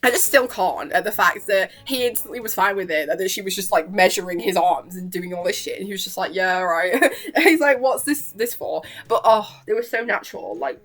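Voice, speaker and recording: A woman's voice: mid-range voice, a little fast, few pauses, a bit bright, soft background music. A young woman chatting casually about a cartoon episode, giggling often and acting out the characters' lines as she gushes. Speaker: YouTuber reviewing a cartoon episode. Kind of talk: casual reaction chat.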